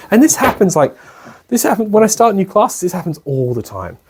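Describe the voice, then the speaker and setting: A man's voice: high-pitched, sing-song, a little fast, background noise. An Australian man giving a casual spoken lecture at a retreat, chatty and colloquial, often checking in with his listeners and acting out the people he describes. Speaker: spiritual lecturer. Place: lecture room at a retreat centre.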